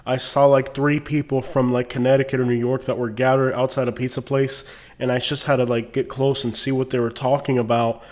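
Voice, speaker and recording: A man's voice: medium pitch, little pitch movement, a little fast, darkish tone. A man vlogging in a casual comedic rant who rambles and fills his talk with "like". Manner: rambling, lots of "like", mocking.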